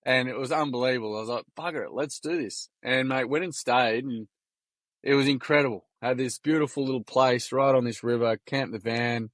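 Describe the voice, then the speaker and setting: An Australian man telling lively stories in a casual podcast chat, full of slang and acted-out quotes. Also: medium pitch, a little fast, no echo, studio quality. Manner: animated yarn-telling, acts out quoted voices, slangy. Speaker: podcast guest.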